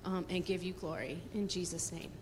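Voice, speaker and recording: A woman prays aloud before a congregation in a gentle, earnest voice that sounds close to tears. Her voice echoes with a long reverb through a large hall, over a faint room hum. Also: fairly low pitch, steady tone, normal speed. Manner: soft, tearful, earnest. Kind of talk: spoken prayer in church.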